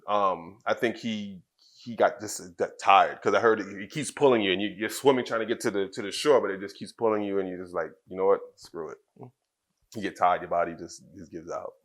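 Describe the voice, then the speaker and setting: A man from Trinidad, in his thirties, telling a personal story in an interview, soft-spoken and halting, with many fillers and restarts. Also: on the low side. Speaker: wrestler guest.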